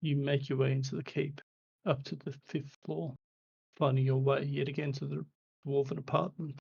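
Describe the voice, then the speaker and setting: A man narrating as game master in a relaxed, descriptive way. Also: mid-range voice, moderate pace, creaky, husky, lo-fi sound.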